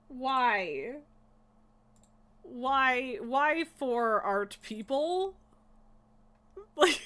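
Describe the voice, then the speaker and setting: A woman's voice: high-pitched, lively intonation, drawn-out words, pauses often, pushed and bright. A young woman streaming a game, ranting in exasperation and laughing between swears. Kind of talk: casual live-stream rant while gaming.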